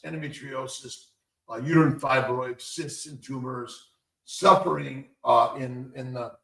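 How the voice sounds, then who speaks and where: A man's gravelly voice, a little higher than most, heard from some distance in a roomy space. He hosts a live health show as a doctor, rambling through answers with fillers and false starts. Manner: rambling, with many fillers and restarts. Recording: echoey room, away from the mic.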